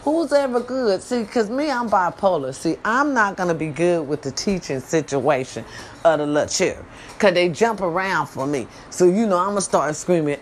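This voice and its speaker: A middle-aged woman hosting her own podcast, talking bluntly and profanely straight to her listeners, swinging from loud scolding to low warnings. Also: lively intonation, moderate pace, slight background noise. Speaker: podcast host. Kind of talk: casual monologue podcast.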